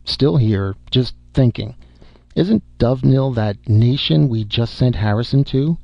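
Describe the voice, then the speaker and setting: A man reading the part of an obese, world-weary male government secretary with a rumbling, wry voice, in a dull recording. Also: animated, a little slow, creaky, no echo. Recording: dull muffled audio.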